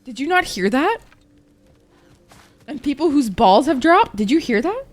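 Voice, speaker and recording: A young woman from Egypt, a native Arabic speaker, gives casual, animated gameplay commentary and swears freely. Her voice sits a little high and swoops up and down a lot as she chats with her viewers. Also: measured pace. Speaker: streamer.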